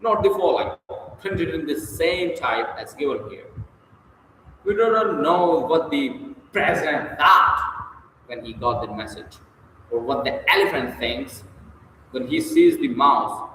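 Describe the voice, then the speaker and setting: Man reading a speaking guide, punches key words with big pitch jumps, super echoey room, faint hiss. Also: very animated, a little slow, sharp tone. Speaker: audiobook reader. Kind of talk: reading a book on public speaking aloud.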